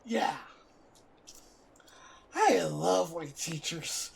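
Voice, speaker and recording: A man's voice: a little high, big pitch swings, extremely slow, vocal fry, slight background noise. A young man hosting a gaming video, telling rambling stories in casual chat with plenty of filler words. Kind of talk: casual chat while playing.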